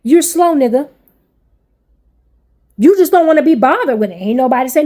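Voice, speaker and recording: A woman's voice: high-pitched, expressive, normal speed, long pauses, warm tone. A woman in her forties venting angrily to camera as a parent, blunt, swearing heavily and repeating herself. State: angry. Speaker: parent vlogger.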